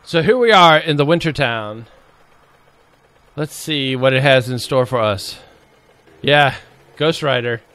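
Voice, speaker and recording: Playful man streaming a game, unhurried. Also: medium pitch, fairly bright tone, clear, resonant tone, no room sound. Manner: playful, jokey, talks to chat and to the zombies. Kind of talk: casual live gameplay commentary.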